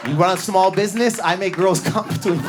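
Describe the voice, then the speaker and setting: A man in his thirties doing an animated stand-up comedy set on a club stage, telling stories with bursts of energy and acted-out voices. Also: a little fast, crowd noise, background noise. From Canada. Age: 30s. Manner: high-energy, animated storytelling with sudden volume swings and acted-out voices.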